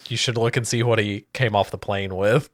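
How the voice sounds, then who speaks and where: A woman's voice: extremely low pitch, steady tone, fairly quick. A woman co-hosting a podcast in casual chat, laid-back and giving short agreeing replies. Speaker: podcast co-host.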